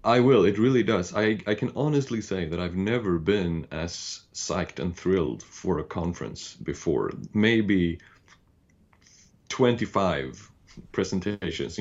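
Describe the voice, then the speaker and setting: Low gravelly swedish-raised guy co-hosting a podcast, muffled sound. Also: darkish tone. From Sweden. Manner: thoughtful, explains with many restarts. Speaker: podcast co-host. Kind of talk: casual podcast chat and explanation.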